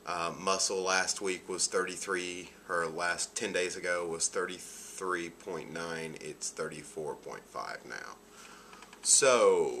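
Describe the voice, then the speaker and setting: A vlogger speaks casually in a video diary with a low-pitched, sharp-toned voice, slightly nasal from allergies. He's chatty and upbeat and laughs often, with slight background noise in the recording.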